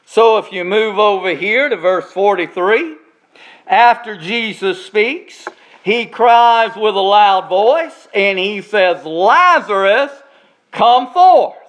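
High-voiced preacher man, slow emphatic delivery. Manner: preaching with slow, drawn-out emphasis on key words. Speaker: pastor. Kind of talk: sermon.

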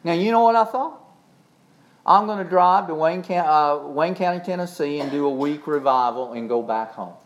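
A male pastor preaching a sermon, with dramatic swings between soft asides and shouted emphasis, sometimes drawing words out slowly. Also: a little high, rough recording.

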